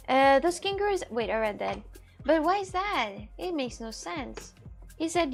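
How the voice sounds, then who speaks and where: A woman's voice: a little high, big pitch swings, moderate pace, gravelly. Chatty woman streamer over faint music. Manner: chatty, laughs often, reads viewer comments aloud. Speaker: livestreamer reading chat. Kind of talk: casual live-stream chat. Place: outdoors on a city walk.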